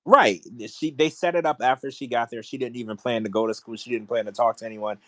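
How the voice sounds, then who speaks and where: A man's voice: mid-range voice, fairly even intonation, quick pace, bright, forceful tone, dry recording. A man co-hosting a podcast, ranting in casual chat with strong opinions. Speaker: podcast co-host.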